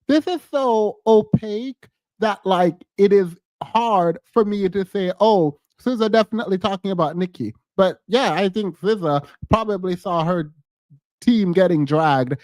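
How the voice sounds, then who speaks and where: A man's voice: high-pitched, slow pace, a little mellow, no echo. A man giving casual, chatty commentary on celebrity drama, laughing often as he talks. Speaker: pop culture commentator.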